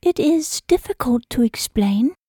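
A woman reading the lines of an earnest young woman in love, soft and lilting. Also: high-pitched, expressive, measured pace, husky, no echo, studio quality, voice pushed up, heavily acted. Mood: shy.

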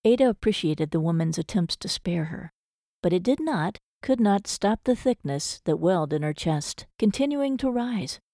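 Woman narrating an audiobook, low mellow voice, dry close recording. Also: expressive, moderate pace, no echo.

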